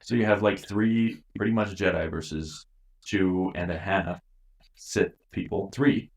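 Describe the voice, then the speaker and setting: A man's voice: low voice, unhurried, vocal fry, husky. A man co-hosting a podcast in casual, joking, rambling chat. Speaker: podcast co-host.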